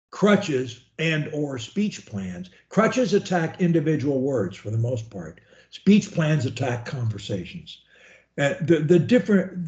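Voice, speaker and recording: A man's voice: on the high side, warm tone, highs cut off. A man coaching a student one-on-one over a video call, talking in a folksy, rambling, encouraging way. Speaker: speech coach.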